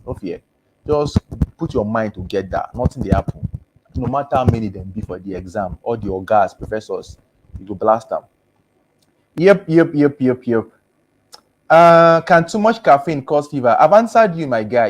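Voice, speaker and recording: A chatty Nigerian doctor with a Pidgin English accent reads comments on a casual live stream. His male voice is medium-pitched, a little mellow and husky, and it's getting hoarse. He mixes English with Pidgin and repeats his thanks.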